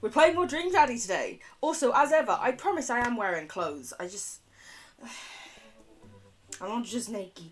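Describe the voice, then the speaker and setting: A woman streaming a video game, chatty and quick, swearing freely and laughing often as she reacts and reads aloud. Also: on the high side, lively intonation. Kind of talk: live-stream game commentary.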